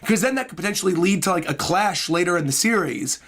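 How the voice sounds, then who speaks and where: A man streaming live in casual chat, hoarse with a worn-out voice, excitable and prone to bursts of loud hyped yelling. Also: high-pitched, fast talker. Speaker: streamer reacting to a comic chapter.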